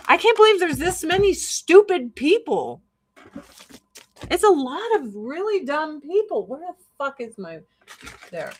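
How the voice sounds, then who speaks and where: A woman's voice: high voice, a bit bright. A woman host delivering a heated, sarcastic, profanity-laced rant. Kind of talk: ranting commentary.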